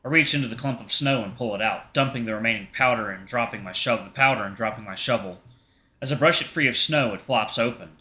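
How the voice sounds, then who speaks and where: A man hosting a gaming channel, reading a visual novel aloud in steady, expressive narration. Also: mid-range voice, quick pace. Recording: roomy echo.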